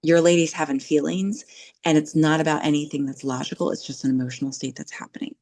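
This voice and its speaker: A middle-aged woman speaks in a slightly low voice as a podcast guest. She tells her stories with animation and keeps checking in with her listener in a casual chat. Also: fast talker. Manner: animated storytelling, checks in with "right?".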